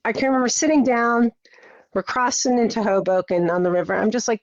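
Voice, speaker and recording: A woman's voice: a little high, brisk, dry recording. A middle-aged woman talking as a podcast guest, telling her story with energy and acting out her own thoughts. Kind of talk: conversational interview. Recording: slightly dull, muffled audio.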